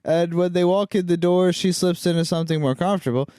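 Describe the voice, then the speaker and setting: A man chatting through a movie recap on a podcast, tossing in quick impressions of the characters. His voice sits a little high and sounds smooth and clear. The recording is dry, with no room sound. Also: fairly even intonation, dark tone, no room sound. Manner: jokey, acts out characters' lines in quick voices. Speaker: podcast co-host. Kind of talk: casual movie recap chat.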